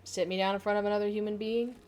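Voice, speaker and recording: A woman's voice: medium pitch, steady tone, racing, a little mellow. A young adult woman chatting casually on a live stream, answering viewer comments in a candid, rambling way with frequent laughs and casual swearing.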